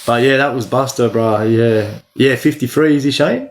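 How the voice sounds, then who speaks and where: An Australian man of middle age hosts a casual livestream, reading out viewers' names and answering them. His speech is loose and slangy, peppered with "bro", at an ordinary mid pitch for a man. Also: moderate pace, hardly any pauses. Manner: slangy, talks to chat by name, says "bro" a lot. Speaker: livestream host.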